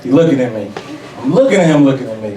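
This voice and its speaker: A young man from New York City telling a personal story on stage, profane and animated. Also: medium pitch, racing, heavy background noise. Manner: profane, animated, laughing audience reactions. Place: stage before a live audience. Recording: roomy hall, mic at a distance. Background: audience laughter.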